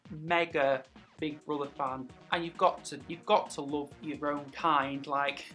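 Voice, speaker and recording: A young man vlogging in a chatty, sarcastic way, with sudden high-pitched outbursts. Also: level tone, unhurried, pushed and bright, soft background music. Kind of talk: casual vlog commentary.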